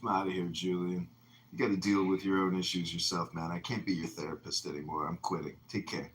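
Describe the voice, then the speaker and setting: A man's voice: low voice, flat delivery, brisk. A man hosting a casual audio room chat, full of crude mocking jokes. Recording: roomy echo, faint noise.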